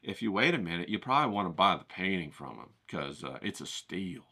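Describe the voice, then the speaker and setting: A smooth-talking charmer, as a man puts him on, dropping into a low, hushed murmur to flatter. His tone stays soft and easy but bright at the edges. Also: brisk, exaggerated voice.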